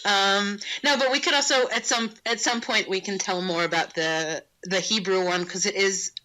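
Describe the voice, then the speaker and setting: A woman co-hosting a casual podcast chat, rambling with lots of fillers and restarts. Her voice sounds bright and sits at an ordinary pitch. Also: steady tone, moderate pace, poor audio. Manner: rambling, full of "like" and restarts, laughs often. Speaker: podcast co-host.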